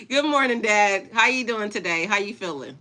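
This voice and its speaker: Woman in her 40s, spiritual coach on a casual livestream; bright, cutting voice, blunt delivery, quick to laugh and curse. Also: a little high. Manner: blunt, laughs often, swears freely. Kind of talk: casual livestream chat with viewers.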